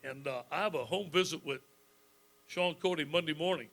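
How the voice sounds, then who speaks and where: Fifties male coach at a club speech; a slightly high voice with folksy, lively storytelling broken by chuckles. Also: a little fast. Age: 50s.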